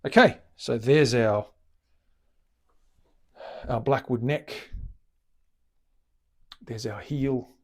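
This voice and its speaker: An Australian man with a medium-pitched voice speaks extremely slowly, pausing often. He's a luthier hosting a live-stream from his guitar workshop, relaxed and chatty, explaining things as he works.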